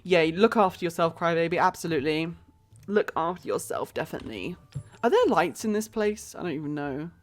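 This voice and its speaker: A British woman with a lowish voice talks through her game on a live stream. She chats casually, muses aloud as she builds and calls viewers by name. Soft game music plays quietly underneath. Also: expressive, fairly quick. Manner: chatty, thinks aloud, greets chat viewers. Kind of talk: casual gameplay commentary.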